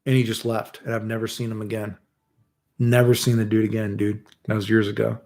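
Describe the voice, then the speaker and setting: A man's voice: fairly low pitch, completely flat delivery, brisk, darkish tone. Laid-back rambling man saying dude. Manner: rambling, says "dude" constantly; loose, laid-back delivery with restarts. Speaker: streamer. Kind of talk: casual storytelling chat.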